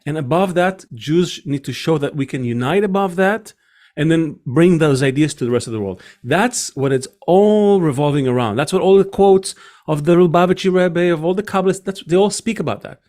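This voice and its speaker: A man's voice: a little high, fairly quick, darkish tone. A man hosting a talk podcast who reasons aloud in a casual, rambling way. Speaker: podcast host.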